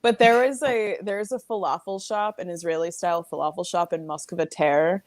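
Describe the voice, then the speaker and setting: A woman's voice: lowish voice, steady tone, a little fast, no room sound. A woman chatting as a guest, rambling with lots of fillers and restarts. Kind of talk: casual chat.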